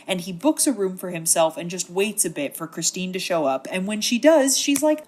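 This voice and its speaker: A woman's voice: on the low side, big pitch swings, normal speed, hardly any pauses, darkish tone, faint music behind. A woman hosting a comedic book synopsis, narrating in a wry, chatty, slangy way. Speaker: host.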